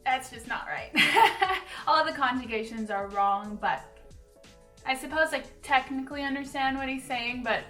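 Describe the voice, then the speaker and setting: A young woman, a native Russian speaker from Russia, hosting a casual reaction video with chatty, animated commentary and quick laughs. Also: sits high, recorded from a distance. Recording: roomy echo, off-mic, faint music underneath.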